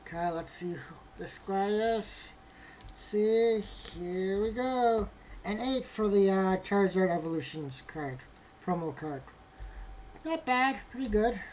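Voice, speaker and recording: A woman talks slowly through an unboxing of graded cards, chatting to herself as she goes. Her commentary is casual, and she groans over bad grades with playful mock drama. Faint room noise sits behind her voice. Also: mid-range voice, a little mellow. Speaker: vlogger opening graded trading cards.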